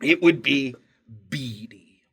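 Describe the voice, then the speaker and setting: A man's voice: mid-range voice, heavy background noise, voice pushed down. A man voicing a forgetful old man who is also a baby, with a put-on Southern accent and a dotty, drawling way of recalling things. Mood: musing. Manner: slow, dotty, drawling recollection. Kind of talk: improvised role-play.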